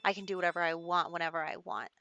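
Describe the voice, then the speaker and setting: A woman's voice: on the low side, steady tone, rapid-fire, creaky, bright, forceful tone, highs cut off, faint music behind. A woman voicing a rebellious young man who wants to make his own rules, in a defiant, self-important tone.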